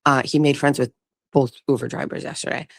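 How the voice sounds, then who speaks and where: A woman's voice: rumbling low, fairly even intonation, fairly quick, vocal fry, no room sound, clean studio sound. A woman hosting a show, telling a rambling vacation story in casual chat, swearing now and then and restarting her sentences. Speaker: show host. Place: vacation rental, talking outdoors.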